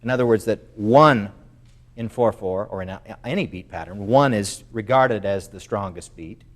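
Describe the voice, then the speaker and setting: A man's voice: lowish voice, normal speed. A man giving a music masterclass, explaining at length with many fillers and singing phrases on syllables to show them. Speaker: music clinician. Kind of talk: masterclass coaching.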